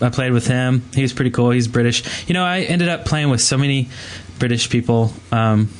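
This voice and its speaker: A young man chatting on a gaming podcast in an ordinary middle voice. He rambles cheerfully, breaking off and restarting his sentences. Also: medium pitch. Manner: rambling, self-interrupting, upbeat. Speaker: podcast co-host. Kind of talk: casual podcast chat.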